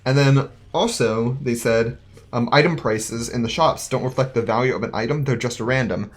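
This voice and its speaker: A man's voice: mid-range voice, normal speed. A young man in his twenties casually talking through a video game, upbeat and rambling, often correcting himself. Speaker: gaming video host. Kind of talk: casual gameplay commentary.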